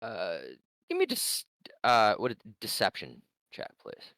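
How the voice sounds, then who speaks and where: A woman runs a tabletop game in a very low, unhurried voice that swings widely in pitch. She narrates haltingly, with many fillers and laughs, and the sound is close and dry. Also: wildly swooping pitch, a bit bright, no echo. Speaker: game master.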